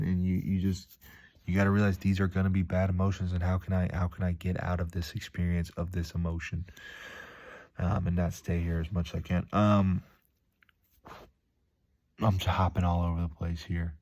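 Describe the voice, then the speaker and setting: Laid-back deep-voiced man rambling casually. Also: little pitch movement, a little fast, darkish tone. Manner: laid-back, calls the listener dude and man, mimics angry voices in stories.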